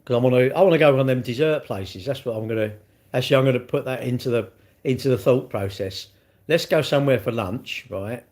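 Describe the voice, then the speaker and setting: An older man talks into his phone on a casual live stream. His manner is blunt and teasing, and he banters straight back at the chat. His voice sits at an everyday middle pitch. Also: fast talker, a little mellow. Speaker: livestreamer.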